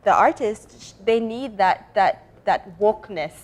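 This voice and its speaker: A woman co-host with a mid-pitched voice offers her opinion. She speaks thoughtfully and stops now and then to find her words. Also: animated, unhurried, slight background noise. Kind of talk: studio conversation.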